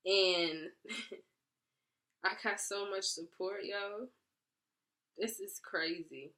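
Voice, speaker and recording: A woman's voice: medium pitch, extremely slow, pushed and bright. A young woman talking earnestly to her viewers in a casual, heartfelt video diary, full of "like" and "y'all". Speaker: vlogger. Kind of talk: casual confessional vlog.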